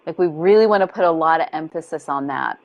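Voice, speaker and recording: A woman body-image coach speaking as a guest in a casual interview over a video call, expressive and compassionate, acting out gentle inner voices. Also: low voice, fast talker.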